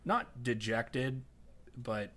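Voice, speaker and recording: A man narrating as game master, unhurried and searching for his words. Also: mid-range voice, pushed and bright.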